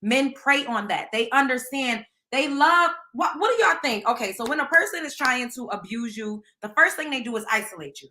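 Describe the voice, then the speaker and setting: A woman's voice: high voice, lively intonation, normal speed, few pauses, sharp tone. A woman with a Southern US accent hosting a casual live stream, talking bluntly and emphatically in slang and speaking straight to her viewers. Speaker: host.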